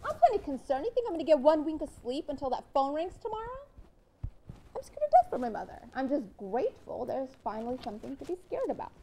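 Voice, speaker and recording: A woman's voice: sits high, sing-song, fast talker, slight background noise. A woman playing a fiery young newlywed wife. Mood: heated. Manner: swings between loud outbursts and hushed lines. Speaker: wife Corie.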